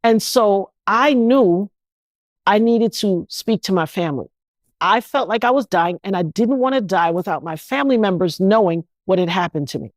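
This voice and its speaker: A middle-aged woman from New York, an interview guest telling her own story in an animated, indignant way and slipping into other people's voices. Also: medium pitch, normal speed, no room sound. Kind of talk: emotional first-person storytelling.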